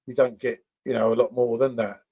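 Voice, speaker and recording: A man's voice: mid-range voice, flat delivery, brisk, creaky, mellow, husky. A man hosting a casual beer review livestream, chatting with viewers by name and tagging questions onto his sentences. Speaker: beer review channel host.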